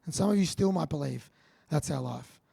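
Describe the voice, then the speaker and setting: A man's voice: on the high side, moderate pace, gravelly, breathy edge. Punchy Australian man giving a keynote. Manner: energetic, punchy, jokey with the audience. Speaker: keynote speaker. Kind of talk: motivational keynote speech.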